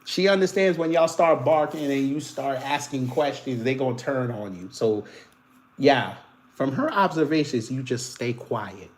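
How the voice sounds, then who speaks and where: A Caribbean man hosts casual political commentary, reading posts aloud and mocking them sarcastically. He is animated, swinging between loud remarks and muttered asides, with a mid-range voice at a measured pace.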